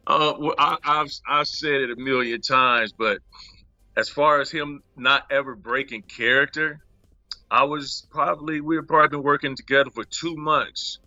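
Bright, animated man telling set stories. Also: medium pitch, normal speed, no echo, dull audio. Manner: animated, acts out quotes in raised voices, laughs often. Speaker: actor, interview guest. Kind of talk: casual interview storytelling.

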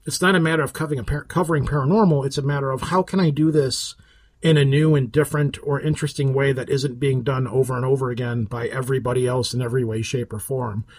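A man's voice: mid-range voice, steady tone, fast talker. A man hosting a podcast in casual, rambling chat, often restarting his sentences. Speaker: podcast host.

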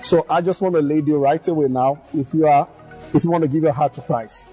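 Brief: man with a husky, mellow voice, closing a church broadcast calmly, soft music under him. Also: a little high, fairly quick. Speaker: broadcast minister. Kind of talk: closing altar call.

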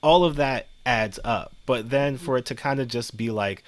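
A man's voice: medium pitch, normal speed, no room sound. Man talking animatedly on a dry mic. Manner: animated, acts out quotes in shifting voices, swears freely. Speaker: podcast panelist. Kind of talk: casual chat.

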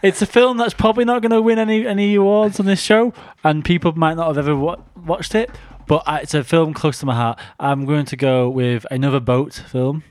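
A man's voice: a little high, steady tone, fairly quick, hardly any pauses, a little mellow, no echo, clean studio sound. A man co-hosting a casual film podcast, teasing and laid-back. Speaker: podcast co-host. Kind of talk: casual chat.

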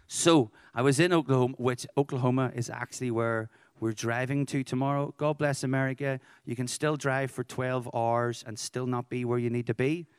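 A man's voice: medium pitch, fairly even intonation, normal speed, hardly any pauses, clean tone, no room sound, studio quality. Irish man preaching informally. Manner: conversational, joking asides. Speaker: worship leader.

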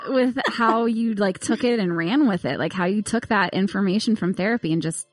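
A woman's voice: medium pitch, normal speed, dry recording. Laughing woman co-host in dry studio. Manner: warm, laughs often, animated retelling. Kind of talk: casual chat.

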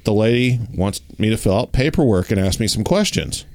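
A man telling a personal story in casual chat, acting out the dialogue and talking with lots of fillers. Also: a little fast. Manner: animated, acts out dialogue with raised pitch; uses many fillers like "like" and "you know".

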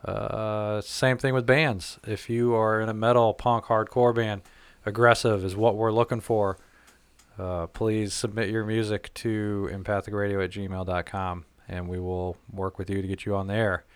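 A man's voice: fairly low pitch, little pitch movement, moderate pace, clean tone, no room sound. A man hosting a podcast in casual chat, laid-back and swearing freely. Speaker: podcast host.

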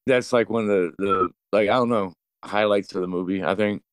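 A man with a lowish, slightly fast voice and a clean tone rambles through a casual movie recap, retelling scenes with plenty of profanity and fillers. He's an animated storyteller. The recording is dry with no room sound, and soft music plays in the background.

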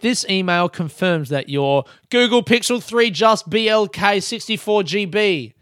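A man's voice: high-pitched, animated, unhurried, fairly bright tone, clear, resonant tone, no echo, clean studio sound. A young man hosting a solo podcast, rambling casually, swearing and laughing at himself. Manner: casual, swearing, laughing asides, self-mocking. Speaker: podcast host. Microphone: close podcast mic.

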